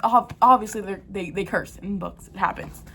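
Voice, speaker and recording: A woman's voice: medium pitch, normal speed, bright, forceful tone, a little hiss or hum. A teenage girl chatting casually to her viewers, ranting animatedly about books and laughing through a storytime. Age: teens. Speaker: book vlogger.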